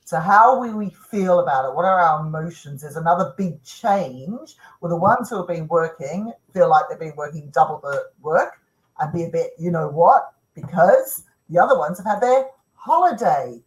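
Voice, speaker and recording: A woman's voice: lowish voice, lively intonation, moderate pace, poor audio. A woman co-hosting a casual video call, talking expressively through questions. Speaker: host.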